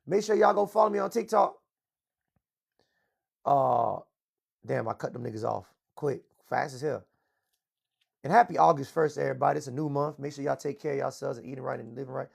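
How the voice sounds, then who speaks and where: Speaking at medium pitch with vocal fry, this man hosts a livestream talk show and goes on a loud, profane, boastful rant. He talks a little fast but leaves long pauses.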